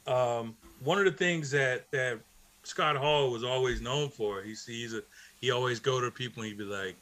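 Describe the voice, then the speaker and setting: A man's voice: medium pitch, moderate pace, fairly bright tone, a little hiss or hum. A middle-aged man co-hosting a casual talk show, reminiscing in a laid-back way with many restarts.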